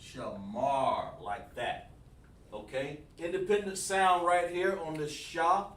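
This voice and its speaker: A high-voiced man with lively intonation and a fairly bright tone takes his time as he leads a livestreamed language lesson. His coaching is repetitive, and he asks the chat for feedback. The sound is distant and echoey, with faint background noise.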